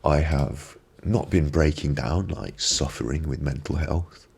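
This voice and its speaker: A man's voice: rumbling low, unhurried, gravelly, darkish tone, husky. A man hosting a live stream, giving a reflective motivational talk on a binaural microphone and repeating phrases for emphasis. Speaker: ASMR live-stream host.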